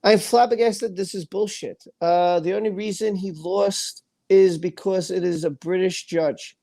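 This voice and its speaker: Man, livestream host, angry rant, warm dark tone, emphatic, repeats words. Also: sits high, fairly even intonation, unhurried. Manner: emphatic and repetitive, stumbles over words.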